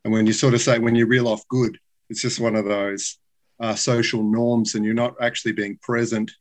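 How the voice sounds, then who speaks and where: A man's voice: mid-range voice, flat delivery, moderate pace. A man, a guest on a podcast, talking casually and reflectively over a video call. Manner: reflective, philosophical. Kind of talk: casual conversation.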